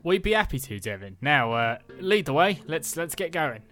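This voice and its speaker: A man's voice: on the high side, big pitch swings, moderate pace, fairly bright tone, faint music behind. A man playing a pompous adventurer. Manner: pompous, self-important. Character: boastful male adventurer.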